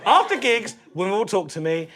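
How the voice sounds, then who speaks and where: A man in his forties with a London accent works a club crowd with a cheeky, conversational, punchy stand-up delivery. His voice sits slightly high and swings around a lot in pitch. The live club recording carries a clear layer of background noise. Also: sing-song, a little fast. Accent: London English. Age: 40s. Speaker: stand-up comedian. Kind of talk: stand-up comedy set. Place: comedy club stage. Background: audience laughter.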